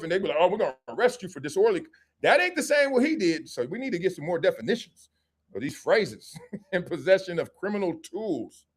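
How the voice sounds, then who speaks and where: Man, middle-aged, live show host, playful commentary, high pitch, very lively intonation. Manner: animated and joking, slips into quick acted-out skits with different voices. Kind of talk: live sports and culture commentary.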